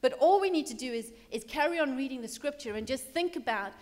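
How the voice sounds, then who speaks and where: Woman pastor, sermon, conversational storytelling, acts out characters, loud and hushed turns, fairly high voice. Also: animated, a little fast, big-room sound. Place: church hall.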